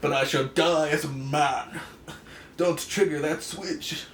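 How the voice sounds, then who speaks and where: A man's voice: on the high side, fairly even intonation, slow pace, recorded from a distance, a little hiss or hum. A man voicing a former gargoyle villain, now human, who speaks in a grand, declaiming way in an echoey room. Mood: solemn. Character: male gargoyle villain turned human, solemn.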